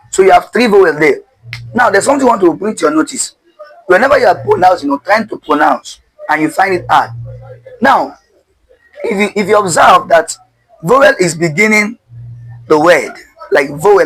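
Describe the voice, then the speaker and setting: Male pronunciation teacher, high voice, patient drilling: asks, answers, has you repeat. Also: fairly bright tone, breathy edge, poor audio. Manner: spells out words letter by letter. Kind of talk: step-by-step pronunciation lesson.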